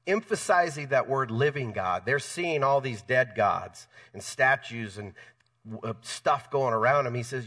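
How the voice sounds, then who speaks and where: An emphatic man preaching a sermon at a middle pitch, hammering key phrases again and again and restarting his sentences. He sits a little away from the microphone, so his voice comes across distant. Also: moderate pace, pushed and bright. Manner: emphatic, repeats key phrases, frequent self-corrections. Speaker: pastor.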